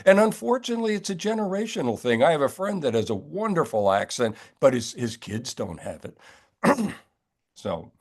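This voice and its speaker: A man's voice: on the high side, sing-song, normal speed. An older man from the New York area, an author telling his story in a wry, rambling interview chat. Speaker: author guest.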